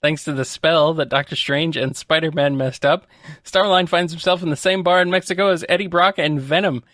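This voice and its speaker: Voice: mid-range voice, fairly quick, a bit bright, dry recording, studio quality. A podcast co-host who laughs often and reads out listener questions in casual chat.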